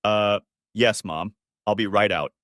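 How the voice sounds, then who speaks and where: A man's voice: a little slow, a bit bright, no room sound, clean studio sound. Man voicing a flustered young bride. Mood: panicky. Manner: panicky, high-pitched, stammering.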